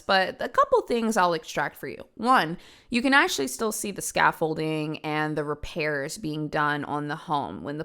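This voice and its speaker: A woman's voice: lowish voice, creaky, fairly bright tone, clean tone. A young adult woman hosting a podcast, telling a true-crime story casually and emphatically, swearing now and then. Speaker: podcast host.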